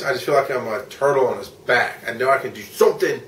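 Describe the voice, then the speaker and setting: A man's voice: medium pitch, fast, a bit bright, slight background noise. Weary, rambling man in an echoey room. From United States. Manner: rambling, candid and cranky, swears often. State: tired. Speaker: vlogger and podcaster. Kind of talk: casual end-of-day travel vlog. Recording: roomy echo, mic at a distance, faint ambience.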